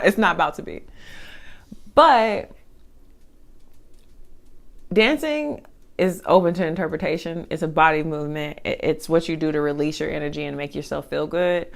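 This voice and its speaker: A young woman chatting casually as she eats on camera, animated, with side remarks and chewing sounds between thoughts. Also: sits low, measured pace, gravelly, pauses often. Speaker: mukbang vlogger. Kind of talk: casual chat while eating.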